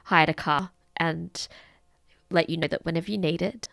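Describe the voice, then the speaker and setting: A woman with a low, gravelly voice speaks gently and in a measured way. The recording is dry and close. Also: fairly even intonation, no room sound. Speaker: co-host reading listener questions. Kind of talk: casual chat.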